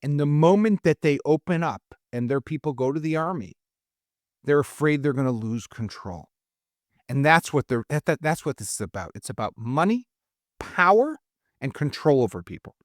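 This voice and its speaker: Worked-up middle-aged man, fairly high voice. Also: sing-song, moderate pace, no room sound, clean studio sound. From Israel. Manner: worked up, emphatic, with many restarts. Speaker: guest. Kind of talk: heated political discussion.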